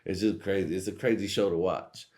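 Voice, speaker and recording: This young podcast host has a low, darkish voice, a steady tone and a brisk pace. His casual monologue is a profane, jokey ramble that keeps drifting into put-on voices for comic effect.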